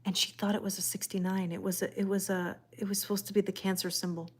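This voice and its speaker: A woman's voice: mid-range voice, flat delivery, quick pace, husky. Chatty woman hosting a live tarot stream. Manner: chatty, rambling, laughs often. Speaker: tarot reader. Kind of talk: live-stream chat reading viewer comments.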